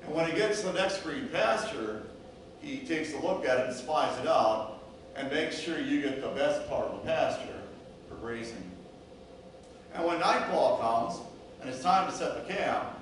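Male pastor, storytelling sermon, voice booming around a big echoey church, distant mic, noisy room. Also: a little slow. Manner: storytelling sermon, acting out voices of a hurt sheep and a calm shepherd. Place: church sanctuary.

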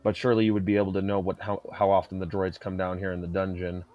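On tinny audio, a man with a deep, narrow voice delivers his lines fast and completely flat. He's playing his tabletop game character, issuing stern threats and often restarting what he says.

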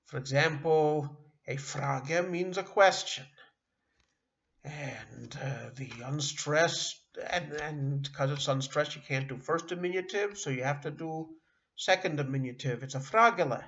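A middle-aged man teaching a beginner language lesson online, halting often with fillers and restarting words. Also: fairly high pitch, a bit bright, lo-fi sound. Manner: halting, with frequent uh and self-corrections. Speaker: Yiddish teacher.

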